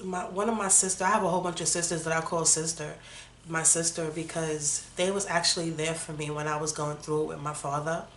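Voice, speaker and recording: Woman, 30s, lowish voice, candid personal vlog storyteller, casual fillers, roomy room echo. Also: slight background noise. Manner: candid and conversational, full of "like" and "you know". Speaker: vlogger.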